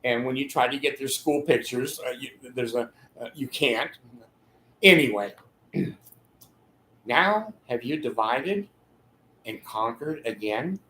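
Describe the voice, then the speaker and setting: A man's voice: medium pitch, animated, takes it slowly, pauses often, pushed and bright. An older man talking in a rambling monologue, laughing mid-sentence and acting out the voices of people in his stories. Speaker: channel host giving advice. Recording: echoey room.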